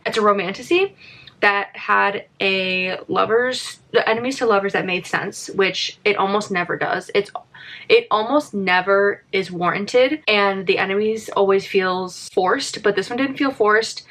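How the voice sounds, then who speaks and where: A woman chatting casually in a reading vlog, gushing and excitable as she talks about a book. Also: mid-range voice, normal speed. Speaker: book vlogger. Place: outdoors on a work break.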